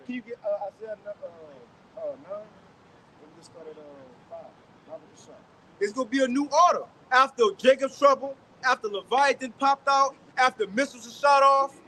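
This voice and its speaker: Man, very high voice, emphatic street preacher, keeps checking listeners follow. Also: pushed and bright, a little hiss or hum, low-quality recording. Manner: emphatic, keeps asking "you got it?". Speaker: lead teacher. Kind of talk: street preaching, interpreting scripture.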